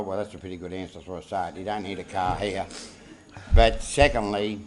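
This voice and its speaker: A man giving a halting, heartfelt eulogy for his brother at a funeral, close to tears. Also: low voice, rough recording. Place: funeral service.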